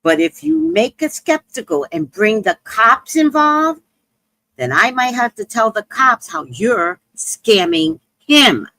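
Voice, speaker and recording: Woman telling a funny story, pitch jumps all over, takes her time, swears a lot. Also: slow, no echo, low-quality recording. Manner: animated, acts out quotes, swears freely. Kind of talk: comedic storytelling monologue.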